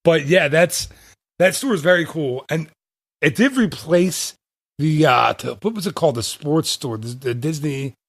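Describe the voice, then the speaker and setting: Man hosting a casual podcast, chatty and self-correcting, higher-pitched, dead-dry sound. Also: animated, a little slow, no echo. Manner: rambling, laughs often, self-correcting. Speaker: podcast host. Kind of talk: casual chat.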